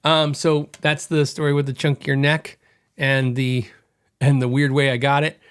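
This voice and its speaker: A middle-aged man hosting a podcast, telling a story in a chatty, animated way and acting out quoted dialogue. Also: medium pitch, moderate pace, clean tone. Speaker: podcast host. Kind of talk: casual storytelling monologue.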